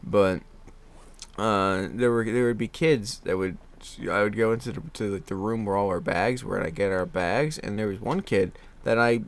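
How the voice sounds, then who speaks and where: A man's voice: fairly low pitch, normal speed. A man in his twenties telling a candid personal story about his childhood, laughing at himself often and restarting his sentences. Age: 20s. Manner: self-deprecating, laughs often, many restarts. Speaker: podcast host.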